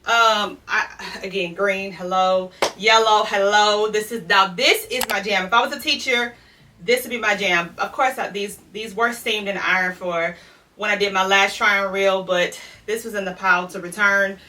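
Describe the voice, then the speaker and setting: A woman's voice: medium pitch, fairly even intonation, normal speed, bright, forceful tone, far from the mic. A woman from Louisiana chatting through a clothing try-on haul, out of breath and talking straight to her viewers. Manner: chatty, addresses viewers as y'all. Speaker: fashion vlogger. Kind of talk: casual try-on haul chat.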